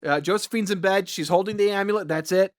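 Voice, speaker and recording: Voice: mid-range voice, fast talker, no echo. A podcast co-host recapping a horror film in a loose, profane ramble, often exasperated by the script. The mic is dry and close, with no room sound at all. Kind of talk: casual chat.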